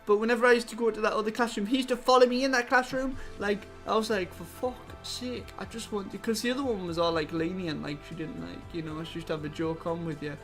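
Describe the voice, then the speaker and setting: High-voiced young Englishman, rambling vlog story. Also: fast, few pauses, faint music behind. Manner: rambling, profane, animated when angry. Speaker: vlogger. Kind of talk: casual storytelling.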